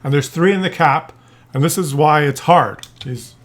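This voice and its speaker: A man's voice: a little high, normal speed, slight background noise. A man giving casual gameplay commentary, rambling and joking as he drifts off topic. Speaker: gaming commentator.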